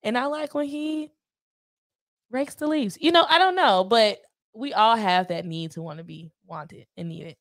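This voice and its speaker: A woman's voice: on the high side, measured pace, no echo. Chatty woman in her twenties, dry sound. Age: 20s. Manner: chatty, animated, lots of "you know what I mean". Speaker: podcast guest. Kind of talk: casual chat.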